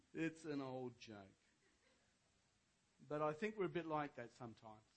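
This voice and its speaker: Older man, pastor, sermon, high voice, quiet asides, loud shouted preaching, storytelling. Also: measured pace. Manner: tells jokes and stories.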